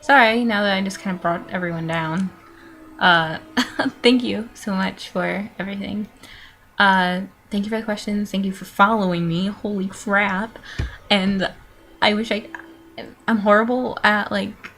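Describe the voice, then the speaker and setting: A woman's voice: medium pitch, fairly even intonation, a little slow, fairly bright tone. Rambling nineteen-year-old woman vlogger. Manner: rambling, with frequent fillers, laughs and sighs. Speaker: vlogger answering follower questions. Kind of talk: casual rambling Q&A vlog.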